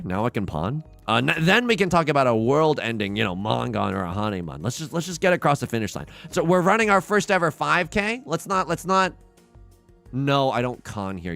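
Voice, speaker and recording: A man's voice: fairly high pitch, vocal fry, bright, forceful tone. A young man streaming a tile game live, talking through each move and joking with his chat. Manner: playful, jokey, talks to chat.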